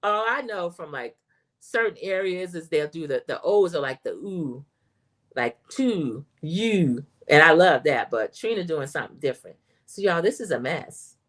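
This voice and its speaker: A woman's voice: deep voice, animated, moderate pace, fairly bright tone. A woman hosting a casual livestream that recaps a reality show, talking straight to her viewers as y'all and reading their chat comments aloud.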